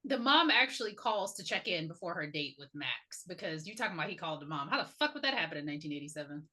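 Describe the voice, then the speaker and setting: A woman's voice: lowish voice, very animated, fast, bright, forceful tone. A woman co-hosting a podcast, chatting casually and teasing the others. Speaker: podcast co-host.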